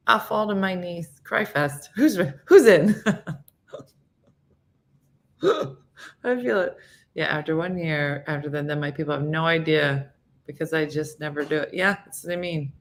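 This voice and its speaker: A woman's voice: fairly low pitch, a bit bright. A middle-aged woman hosting a morning show, chatting in a casual, self-mocking way and acting out quotes. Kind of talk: casual comedic monologue chatting with live viewers.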